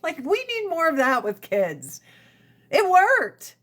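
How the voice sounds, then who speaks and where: A woman's voice: very high-pitched, huge pitch swings, takes it slowly, a bit bright. A woman in casual livestream chat, blunt and profane, often laughing, talking into a phone. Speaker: livestream host.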